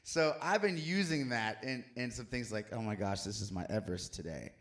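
A man co-hosting a casual church chat, an animated and playful storyteller. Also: fairly low pitch, normal speed. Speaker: co-host.

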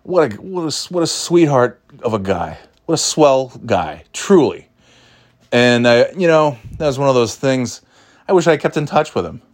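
A man's voice: mid-range voice, big pitch swings, moderate pace, no echo. Rambling, self-mocking man in his forties. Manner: rambling, self-deprecating, many restarts. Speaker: storyteller. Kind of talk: casual anecdote.

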